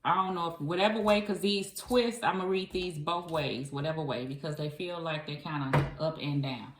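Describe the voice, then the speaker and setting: A woman's voice: sits low, normal speed, reverberant, background noise. A woman giving a chatty, emphatic tarot reading to her viewers, speaking casually with frequent profanity. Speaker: tarot reader.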